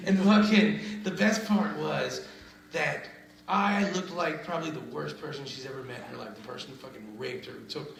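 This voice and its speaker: A man's voice: a little high, moderate pace, creaky, roomy sound, slight background noise, poor audio. A man who is a comedian and radio host, telling crude stories in casual chat and laughing often. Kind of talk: casual podcast chat, storytelling.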